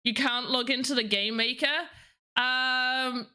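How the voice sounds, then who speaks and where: A woman's voice: sits high, steady tone, slow, sharp tone, smooth. A young woman hosting a livestream, chatting casually to her viewers with a self-mocking manner. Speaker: livestream host.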